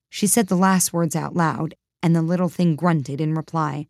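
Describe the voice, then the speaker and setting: A woman narrates a storybook in a calm, even manner. Her voice is low and mellow. The recording is dry and close, with no room sound. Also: normal speed, creaky, dry recording. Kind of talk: storybook reading.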